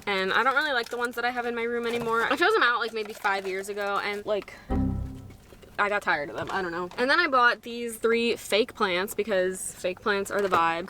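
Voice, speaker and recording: A woman's voice: on the high side, pushed and bright, slight background noise. A young woman vlogging from her car, chatting with lots of fillers, upset and close to tears. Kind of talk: casual vlog chat. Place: in a parked car.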